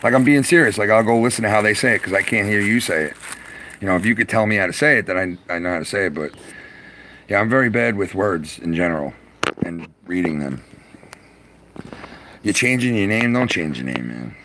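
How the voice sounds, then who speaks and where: Excitable, swearing man streaming live. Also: on the low side, fairly quick, pauses often, a little hiss or hum. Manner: loose, profane, excitable, laughs often. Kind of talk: casual live-stream chat with viewers. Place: garage. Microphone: phone.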